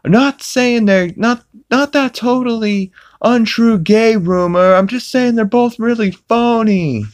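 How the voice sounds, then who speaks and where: A man putting on a strained, high, goofy voice as a bumbling, loud cartoon dad. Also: slow pace.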